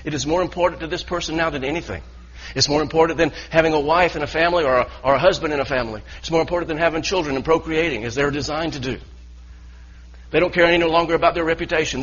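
Male pastor, husky mid-pitched voice, earnest stop-start preaching, muffled church recording. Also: fast talker, fairly bright tone. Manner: earnest preaching with repeated restarts. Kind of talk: sermon.

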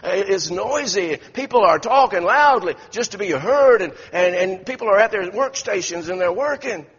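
A man's voice: high voice, animated, moderate pace, a bit bright, slightly rough. A man preaching a sermon in a church sanctuary, telling folksy stories with many restarts. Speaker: pastor. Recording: echoey church hall, dull lo-fi sound.

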